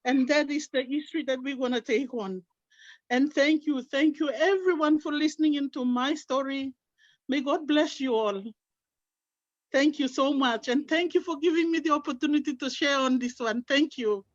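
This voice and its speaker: Sharing her story as a team member on an online call, a middle-aged woman from Papua New Guinea gives an earnest, heartfelt and deeply religious testimony. She speaks at a moderate pace in a high-pitched voice, recorded without room sound and with the highs cut off.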